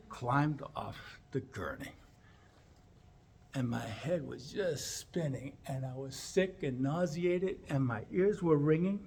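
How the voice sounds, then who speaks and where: A man, a chiropractor, telling a funny personal story as a speech and acting out the lines with big jumps in pitch and volume. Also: slow pace, vocal fry, darkish tone, breathy edge.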